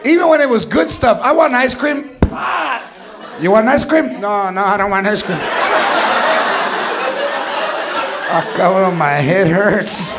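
A man's voice: high voice, a little slow, noisy background. A man doing a scolding Mexican mom. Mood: mocking scolding. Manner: scolding, threatening, Spanish-laced. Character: strict scolding Mexican mother, middle-aged. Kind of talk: stand-up impression. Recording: live club with loud crowd. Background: loud audience laughter.

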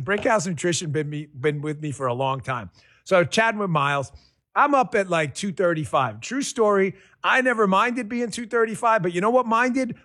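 Punchy pitchman host reading an ad. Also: dry recording, studio quality. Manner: pushy, energetic pitchman. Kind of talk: live-read radio ad.

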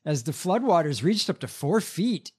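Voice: medium pitch, sing-song, moderate pace, darkish tone, husky. A podcast host reading news headlines aloud, with many hesitations and fillers.

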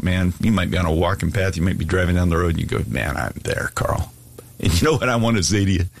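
A man's voice: sits low, creaky, breathy edge, dry recording. A man preaching an earnest, pleading sermon and asking listeners to give their lives to Jesus. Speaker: pastor. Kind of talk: sermon altar call.

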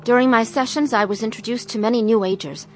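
A woman's voice: on the high side, quick pace, faint music behind, lightly acted. An actress playing a middle-aged wife who narrates her own troubled story in an earnest, confessional way. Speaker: narrator and main character. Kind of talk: dramatized testimony narration.

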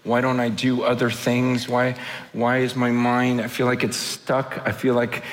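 A man preaching an impassioned sermon, moving from loud outcries to low, intimate asides. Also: monotone, unhurried.

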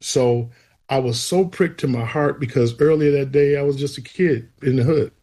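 Husky-voiced man telling a story. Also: medium pitch, moderate pace. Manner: animated storyteller, acts out quoted voices. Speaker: guest sharing testimony. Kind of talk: storytelling testimony.

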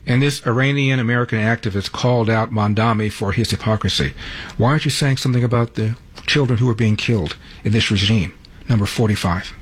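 A man presenting news segments in scripted narration, brisk and declarative. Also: lowish voice, fairly even intonation, a little hiss or hum.

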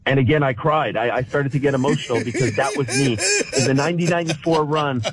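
A man's voice: mid-range voice, quick pace, crowd noise. A man in his forties from Canada, calling in to a show and talking with emotion, full of restarts. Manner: emotional, restless, many restarts. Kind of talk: casual chat. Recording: tinny phone line.

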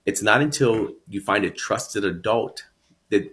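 A man's voice: lowish voice, a little slow, a bit bright. A man, a guest in an interview, telling his own story earnestly and reflectively, often repeating words as he builds up. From San Antonio, Texas.

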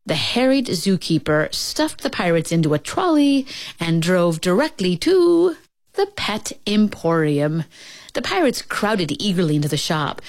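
A woman reading a children's pirate story aloud, playful and expressive, switching voices for the characters. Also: no room sound, clean studio sound. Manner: playful, slow and expressive, shifting pitch for characters. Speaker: storybook reader.

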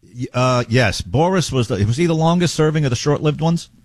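A man's voice: a little high, expressive, brisk, no echo. A man hosting a talk show, chatting in a rambling, wry way. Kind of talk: casual chat.

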